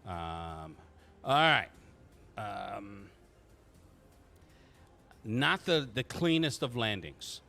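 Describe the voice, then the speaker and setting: Guy dm-ing a tabletop game, lowish voice but bright and punchy, teases players a lot. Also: animated, drawn-out words, vocal fry, long pauses. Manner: teasing, rambling with restarts. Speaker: game master. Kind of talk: running a tabletop game, casual.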